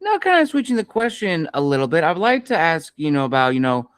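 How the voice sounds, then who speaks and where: A man hosts an interview, asking long, winding questions in a friendly way. His voice sits fairly high and sounds smooth and resonant. The sound is dry and close. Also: big pitch swings, fairly quick, dry recording. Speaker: interview host.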